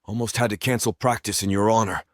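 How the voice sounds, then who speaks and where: A man's voice: lowish voice, fairly even intonation, fast talker, no echo, studio quality, lightly acted. A man reading the lines of a smirking young friend who teases in an audiobook. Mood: teasing. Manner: wry, teasing.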